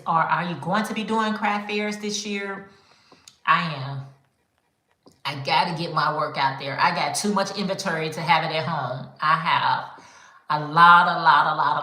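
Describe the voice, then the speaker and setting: A woman's voice: low-pitched, pushed and bright. A woman hosting a casual live chat, talking chattily and calling her viewers y'all. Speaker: livestream host. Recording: echoey room.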